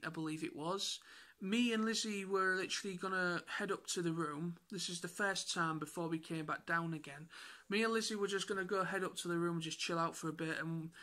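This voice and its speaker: A man with an excitable, rambling way of telling stories in a casual vlog recap. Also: high-pitched. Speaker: YouTuber.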